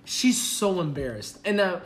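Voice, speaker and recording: A man's voice: high voice, measured pace, a little hiss or hum. A man on a podcast, casually retelling a story with lots of swearing and laughter. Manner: profane, laughing, animated retelling. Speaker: podcast co-host.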